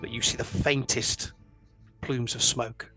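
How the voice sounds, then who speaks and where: Male DM, bright tone, measured scene-setting narration with fillers. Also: medium pitch, flat delivery, soft background music. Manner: descriptive, unhurried narration with fillers. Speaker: dungeon master. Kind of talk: narrating a tabletop game.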